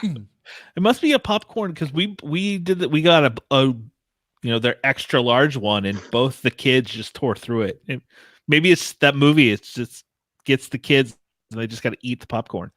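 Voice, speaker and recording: A relaxed man talks movies in short, easygoing answers. His voice sounds dry and close, with no room around it. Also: mid-range voice, moderate pace, dry recording. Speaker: podcaster who reviews movies. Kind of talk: casual chat.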